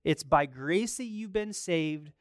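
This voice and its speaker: A middle-aged man preaches with a slightly high, crisp and resonant voice. The sound is dry and close. He shifts between chatty, halting asides and emphatic, rising calls to the congregation. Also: lively intonation, dry recording. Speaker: pastor. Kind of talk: sermon.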